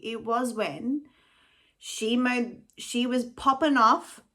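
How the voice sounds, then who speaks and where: A woman talks straight to her viewers in a loose, rambling vlog. She is chatty and quick to poke fun at herself, with a nervous edge under it. Her voice sits at an ordinary middle pitch. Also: a bit bright. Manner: chatty, self-deprecating, rambling. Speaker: vlogger.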